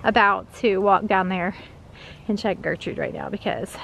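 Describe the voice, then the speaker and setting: A woman's voice: mid-range voice, moderate pace, vocal fry, a little hiss or hum, low-quality recording. A woman with a Southern US accent vlogging outdoors on her farm, chatty and out of breath from walking. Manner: chatty, calling out loudly for animals. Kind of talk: casual vlog walking the farm.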